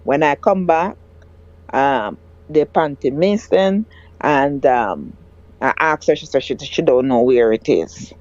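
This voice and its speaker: A woman recounting a personal story as a guest, halting and often restarting her words. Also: a bass voice, animated, a little mellow, no room sound. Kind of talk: emotional personal account. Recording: dull lo-fi dry sound.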